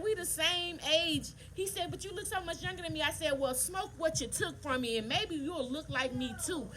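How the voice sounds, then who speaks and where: High bright woman telling stories. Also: a little hiss or hum. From Southern United States. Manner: animated, preachy, talks straight to viewers. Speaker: nail artist vlogger. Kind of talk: casual storytelling while working.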